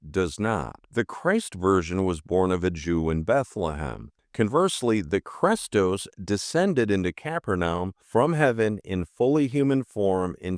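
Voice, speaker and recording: This podcast host speaks in a low voice, reading scripted narration with emphatic, rhetorical flair. The recording is studio quality with no echo.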